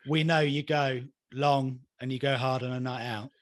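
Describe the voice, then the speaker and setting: A man's voice: mid-range voice, steady tone, normal speed, dry recording. Dry-sounding man hosting a podcast. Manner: friendly, teasing questioner. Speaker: podcast host. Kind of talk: interview questions.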